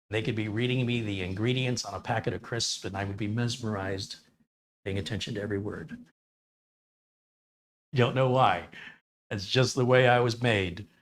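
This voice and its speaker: A man's voice: mid-range voice, fairly bright tone. A man hosting a casual tech livestream, chatting with viewers and reading out their comments in a rambling, think-aloud way.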